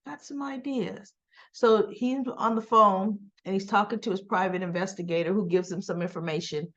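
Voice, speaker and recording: A woman's voice: medium pitch, steady tone, brisk. A woman host casually recapping a soap opera episode, retelling the scenes in quoted dialogue and adding sarcastic asides. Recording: dull lo-fi recording.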